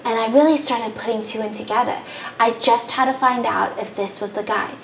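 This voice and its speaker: Young woman, casual storytelling, animated, fairly high voice, roomy recording, faint noise. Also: brisk, vocal fry. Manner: animated, fillers like "like". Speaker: podcast host.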